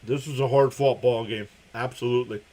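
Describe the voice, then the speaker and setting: A young man calls a baseball game live for his stream, reading out viewer comments between pitches. His voice sits at an ordinary middle pitch, and he laughs a lot as he talks. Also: fairly even intonation, brisk, dark tone. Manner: laughs often while calling pitches and reading chat. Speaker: live stream play-by-play host. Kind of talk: casual live play-by-play commentary.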